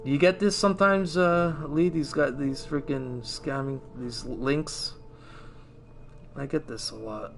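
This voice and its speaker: A man's voice: mid-range voice, takes it slowly, gravelly, faint music behind. A man livestreaming and chatting casually with viewers, rambling with many fillers and casual swearing. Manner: rambling, filler-heavy, lots of "like" and "you know". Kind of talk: casual chat with stream viewers.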